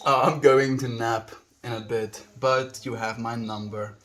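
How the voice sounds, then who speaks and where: A young man in casual livestream chat, talking to his viewers in an easygoing, affectionate way and laughing often. His voice sits at an ordinary middle pitch. A faint background noise runs under the recording. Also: fairly even intonation, measured pace, a bit bright. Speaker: streamer.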